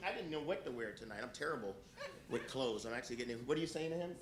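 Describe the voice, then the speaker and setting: A man's voice: medium pitch, expressive, fast talker, heavy background noise. A middle-aged man doing stand-up comedy, brash and profane, teasing the audience from a club stage. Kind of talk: stand-up comedy with crowd work. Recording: live club recording with audience laughter.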